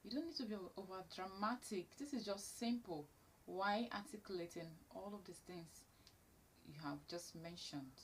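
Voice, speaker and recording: A woman's voice: mid-range voice, moderate pace, slight background noise. A woman teaching elocution to camera, stressing key words and repeating her main points. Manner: emphatic, repeats key phrases. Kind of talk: instructional talk to camera.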